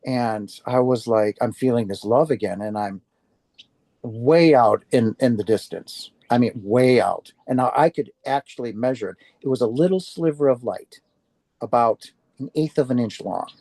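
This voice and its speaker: Speaking to an audience, a man earnestly recounts his near-death experience as a personal testimony, acting out his own reactions. His medium-pitched voice is mellow and warm at a moderate pace, and the sound is close and dry with no room sound.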